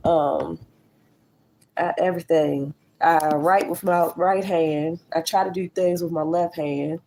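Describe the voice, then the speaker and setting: A woman in her late thirties chatting candidly to her viewers while clearing her kitchen at home. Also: deep voice, fairly even intonation, takes it slowly, a little mellow, a little hiss or hum, poor audio. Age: 30s. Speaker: vlogger. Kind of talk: casual chat while doing chores. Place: at home in a small apartment kitchen.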